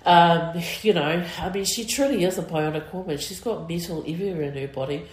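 A middle-aged woman with a New Zealand accent, speaking in an interview with many fillers, emotional and halting. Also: lowish voice. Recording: roomy echo.

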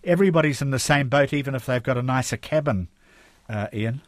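A man's voice: medium pitch, a little fast, no room sound. A man hosting a radio interview, putting conversational questions with tag questions to his guest. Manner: conversational, leading questions with tags. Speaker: interview host.

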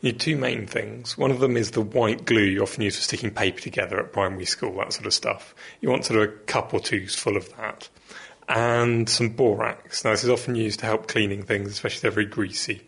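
A man's voice: on the low side, steady tone, brisk, vocal fry, a bit bright, husky. A man presenting a kitchen science experiment and giving practical step-by-step instructions. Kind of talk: explaining an experiment.

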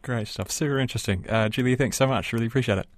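A man's voice: medium pitch, rapid-fire, no echo. A New Zealand man hosting a radio talk show, chatting with a guest and reading out listener messages. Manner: conversational, reads out listener messages. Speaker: radio host. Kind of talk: radio interview and listener texts.

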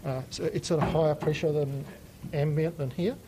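Slightly high-voiced New Zealand man explaining. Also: fairly even intonation, normal speed, background noise. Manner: patient, explanatory, with frequent ums. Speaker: company spokesperson giving a tour. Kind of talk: technical explanation on a factory tour. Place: factory and laboratory.

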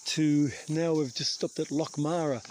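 A New Zealand man talks as he walks a bush trail, chatty and quick to poke fun at himself. His voice sits a little high, and clear outdoor noise with insects runs behind him. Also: fairly even intonation, a little mellow. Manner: chatty, self-mocking, sprinkles in mild swearing. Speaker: vlogger hiking a long trail. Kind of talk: casual hiking vlog talk.

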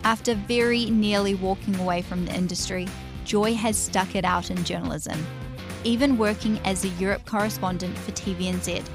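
A woman's voice: mid-range voice, steady tone. A woman reading a polished, scripted episode introduction. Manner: polished, measured. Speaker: announcer. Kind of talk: scripted narration. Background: music.

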